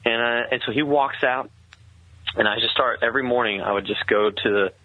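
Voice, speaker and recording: A man's voice: mid-range voice, no room sound. Earnest man with a tinny, phone-like sound. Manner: earnest, halting, many restarts. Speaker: guest telling his story. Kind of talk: conversational storytelling.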